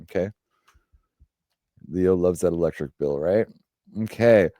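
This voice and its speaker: A man's voice: low-pitched, measured pace, mellow, dry recording. A man hosting a live stream and reading horoscopes in a rambling, chatty way, full of fillers and self-corrections. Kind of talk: casual live-stream chat.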